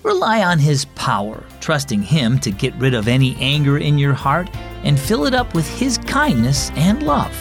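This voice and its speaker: A man hosting and narrating a children's devotional story, upbeat and expressive, speaking to kids. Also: fairly high pitch, normal speed, faint music behind. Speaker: host and narrator.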